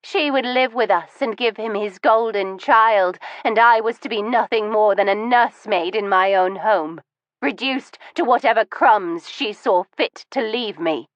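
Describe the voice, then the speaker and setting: A woman's voice: a little slow, no room sound, lo-fi sound, natural voice. A woman voicing a cold, bitter middle-aged wife who holds a gun, speaking icily with wounded resentment. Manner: icy and commanding, turning wounded and shrill. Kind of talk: audiobook reading.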